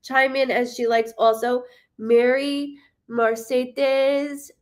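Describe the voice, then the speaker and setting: A woman giving a live psychic reading. She speaks haltingly, with frequent ums and self-corrections, and apologizes to her viewers and reassures them. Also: high-pitched, flat delivery. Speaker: psychic medium. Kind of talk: live-streamed spirit reading.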